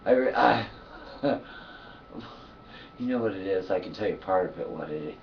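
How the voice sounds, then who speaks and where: A man's voice: sits low, animated, normal speed, creaky, far from the mic, dull audio, a little hiss or hum. A man talking to his camera in a loose, profane monologue, sleepy and yawning, laughing often between thoughts. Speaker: vlogger. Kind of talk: casual rambling monologue.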